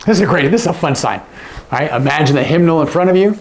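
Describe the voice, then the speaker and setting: Gravelly male sign language teacher. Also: a little high, lively intonation, quick pace. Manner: demonstrative, drops to a hush on example words. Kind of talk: explaining lesson to camera.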